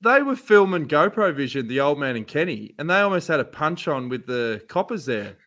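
A man's voice: on the high side, very animated, fairly quick, fairly bright tone. A man with an Australian accent hosting a podcast, telling stories in a casual, swearing, laughing way. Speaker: podcast host. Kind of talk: casual chat.

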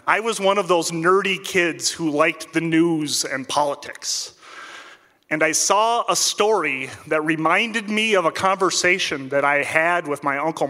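A man from central Minnesota, telling a personal story to an audience with a wry, deadpan comic delivery. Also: a little high, big-room sound. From central Minnesota, United States.

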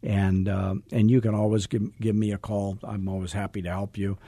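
A middle-aged man coaching real estate agents in a salesy, joking, energetic way. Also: lowish voice, normal speed, no echo, clean studio sound. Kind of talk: coaching podcast talk.

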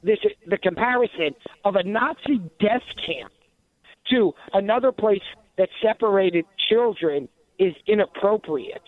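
An indignant man with a high voice gives sarcastic talk radio commentary. He keeps restarting and adding asides. The sound is thin and phone-like, with no room around it. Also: lively intonation, unhurried, no echo.

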